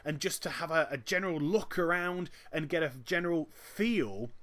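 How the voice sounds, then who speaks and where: A man giving chatty, joking commentary over a video game. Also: fairly high pitch. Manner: animated and chatty, with quick jokes. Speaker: gameplay commentator. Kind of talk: gameplay commentary.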